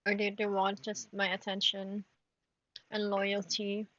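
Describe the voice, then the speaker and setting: A woman's voice: medium pitch, monotone, unhurried, fairly bright tone. A woman streaming live, chatting to her cat in a giggly, baby-talking way. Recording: dull lo-fi stream audio.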